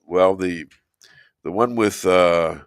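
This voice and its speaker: An older man hosting a talk show, hoarse from losing his voice, rambling and joking between filler pauses. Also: deep voice, no echo, studio quality. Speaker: show host. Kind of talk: casual talk show chat.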